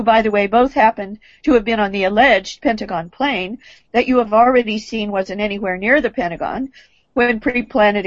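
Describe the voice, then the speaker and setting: A fairly high-voiced woman delivers a formal presentation in a deliberate, emphatic way, leaning hard on key words. The sound is dull and muffled, with a dry, close feel and no room echo.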